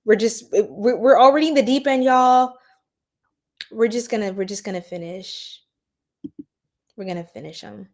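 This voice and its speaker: A woman's voice: mid-range voice, normal speed, pauses often, a little mellow. A woman hosting a casual astrology livestream, chatting with her viewers in a giggly, flustered way. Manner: giggly, flustered, talks straight to chat.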